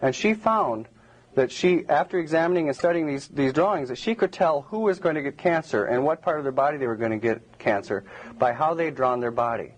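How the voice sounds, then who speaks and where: A man's voice: a little high, expressive, fairly quick, rough recording. A man giving a public lecture to a live audience, rambling and digressive with many restarts.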